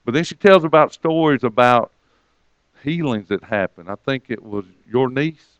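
A man's voice: medium pitch, animated, moderate pace, clean tone, dry recording. A man preaching, retelling a conversation and quoting the other person with a lifted voice. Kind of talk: sermon storytelling.

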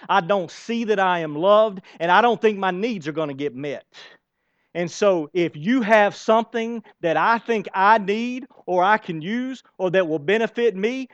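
A man preaching a sermon with a high, lively voice, throwing questions at his congregation and slipping into soft asides. The sound is dry and somewhat dull, lo-fi. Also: no echo. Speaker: pastor.

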